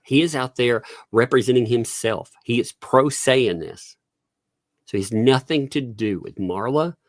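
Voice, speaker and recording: A man's voice: mid-range voice, a little slow, no echo, clean studio sound. A man hosting a livestream in casual commentary chat, joking and laughing often. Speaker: livestream host.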